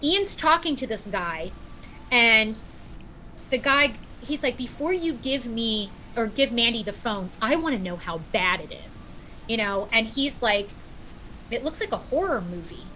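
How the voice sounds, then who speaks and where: Woman guest, middle-aged, lively storyteller, bright higher voice, faint background hiss. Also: unhurried, low-quality recording. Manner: animated storyteller, acts out quotes. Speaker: podcast guest. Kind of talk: casual storytelling.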